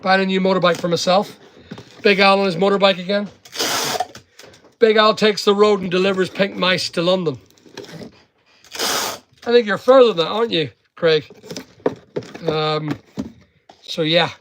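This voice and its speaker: A man's voice: high voice, steady tone, unhurried, long pauses, background noise. A middle-aged Northern Irish man rambling chattily on a livestream while packing online orders and talking to viewers. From Northern Ireland.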